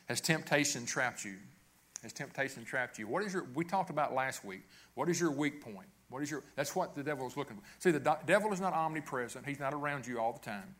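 A man's voice: medium pitch, a bit bright. A man preaching a sermon as pastor, earnest and repetitive, often restarting his phrases.

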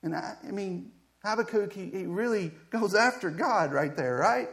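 A man preaching a sermon in a conversational way, moving from quiet asides to loud, pleading passages, often repeating words as he builds up. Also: high-pitched, moderate pace, creaky. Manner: swings from soft asides to loud impassioned pleading. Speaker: pastor.

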